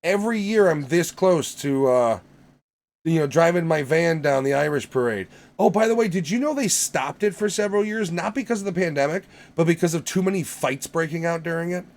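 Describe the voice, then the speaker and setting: Male podcast co-host, opinionated ranter, slightly high voice. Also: animated, a little fast, darkish tone. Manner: ranting, profane, emphatic. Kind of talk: casual opinionated chat.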